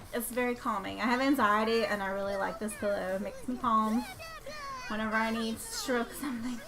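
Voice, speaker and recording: Southern woman from North Georgia, slightly high voice, chatty live streamer who giggles a lot. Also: a little fast. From North Georgia, USA. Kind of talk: casual live-stream chat while playing.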